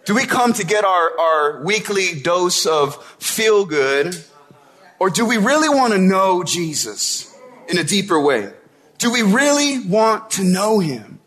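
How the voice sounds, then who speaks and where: A man's voice: sits high, sing-song, unhurried, fairly bright tone. A man preaching a sermon in a casual, conversational way, often checking in with his listeners. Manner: conversational preaching, tag questions like "right?". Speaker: pastor.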